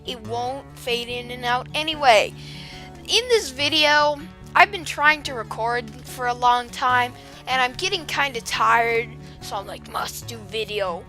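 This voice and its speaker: A woman's voice: high voice, a little slow, bright, forceful tone, faint music behind. A woman doing voice-over commentary on her gameplay, rambling and poking fun at herself with restarts and fillers. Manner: rambling, self-mocking, with frequent restarts and fillers. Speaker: gaming channel host. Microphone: new desktop microphone.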